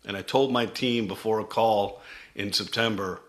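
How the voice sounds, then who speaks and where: A man's voice: on the low side, fairly even intonation, normal speed. A middle-aged man, a company CEO, telling his founding story in a vivid presentation that acts out quoted dialogue.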